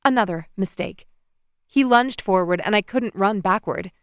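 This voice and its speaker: A woman narrating a first-person romance audiobook in an expressive storytelling manner, recorded close in a studio. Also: medium pitch, normal speed, smooth, no echo.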